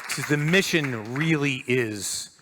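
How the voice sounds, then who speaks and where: A man on stage telling a story in a lively way, acting out the voices of the people in it. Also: medium pitch, slow pace, a crowd in the background, background noise. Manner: animated storyteller acting out quotes. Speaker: speaker. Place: stage before an audience.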